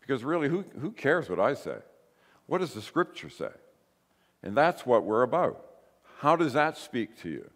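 Male pastor, mid-pitched voice, conversational sermon with emphatic peaks, long church reverb. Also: big pitch swings, moderate pace. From grew up in a Pentecostal church. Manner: conversational preaching, rising to emphatic bursts. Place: church sanctuary.

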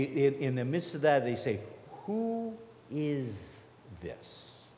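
A man preaching a sermon in an earnest, conversational way, with restarts and repeated questions. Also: mid-range voice. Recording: echoey hall reverb.

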